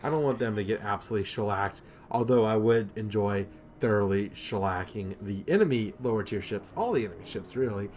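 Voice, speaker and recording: A man's voice: lowish voice, a little fast, hardly any pauses, a little mellow. A young man giving casual, self-deprecating commentary over his own gameplay, with lots of ums and rambling asides.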